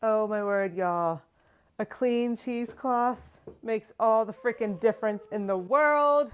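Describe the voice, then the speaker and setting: Her voice smooth and on the high side, a woman taking it slowly hosts a cheesemaking vlog from her home kitchen. She speaks casually to camera, chatty and exasperated, with a self-mocking edge.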